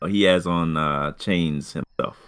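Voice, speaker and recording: A man narrating a tabletop game as game master, halting, with many fillers and restarts. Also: extremely low pitch, a bit bright, smooth.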